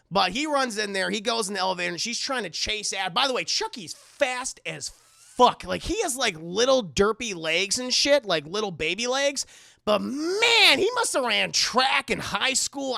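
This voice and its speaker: A man's voice: high voice, vocal fry, bright, forceful tone, no echo, studio quality. A man casually recapping a film on a live stream, rambling and swearing, talking to his chat. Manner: rambling, profane, addresses chat.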